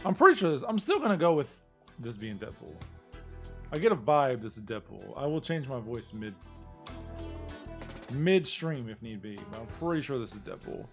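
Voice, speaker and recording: A man's voice: medium pitch, very animated, moderate pace, pauses often, a bit bright, soft background music. Playful, chatty streamer guy. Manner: playful, chatty, self-mocking. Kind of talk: casual live-stream chat.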